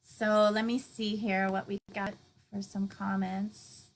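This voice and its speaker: A woman's voice: medium pitch, little pitch movement, slow, low-quality recording. A woman hosting a spiritual meditation stream, chatting effusively with viewers, laughing often and reading out their comments. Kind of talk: live-stream closing chat with viewers.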